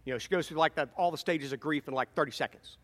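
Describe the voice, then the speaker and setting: A man's voice: a little high, fast, a bit bright. A man preaching a sermon as a pastor, talking in a wry, conversational way and leaning hard on words he wants to stress. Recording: long reverb in large hall.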